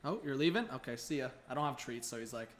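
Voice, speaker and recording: A young man hosting a live hockey reaction stream, chatty and excitable, thanking viewers and coaxing his dog. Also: mid-range voice, quick pace. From Canada. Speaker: livestream host.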